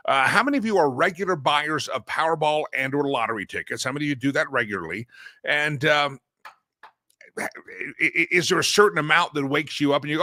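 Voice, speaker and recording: A man's voice: a little high, animated, a little fast, sharp tone, dry recording. A man hosting a casual solo talk show from a studio, rambling and joking with frequent restarts and playful asides. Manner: rambling, self-interrupting, playful. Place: broadcast studio. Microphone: studio microphone.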